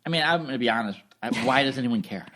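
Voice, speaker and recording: A woman's voice: a bass voice, expressive, fast talker, a bit bright. A woman guest in casual podcast chat, answering hesitantly with repeated words and short replies.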